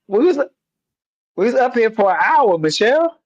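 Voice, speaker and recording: A man's voice: extremely high pitch, sing-song, normal speed, dry recording, highs cut off. A man co-hosting a sports talk stream, playful and teasing, laughing often. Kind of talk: casual sports talk chat.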